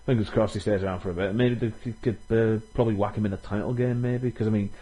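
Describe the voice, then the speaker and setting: A man's voice: lowish voice, steady tone, quick pace, mellow, poor audio. A man co-hosting a casual wrestling podcast, hesitant and speculative, swearing casually. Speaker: podcast co-host.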